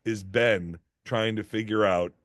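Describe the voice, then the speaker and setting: A man's voice: unhurried, no echo, clean studio sound. A middle-aged man, an actor as interview guest, telling stories in casual chat and acting out the people he quotes. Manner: animated, acts out quoted voices with big pitch jumps.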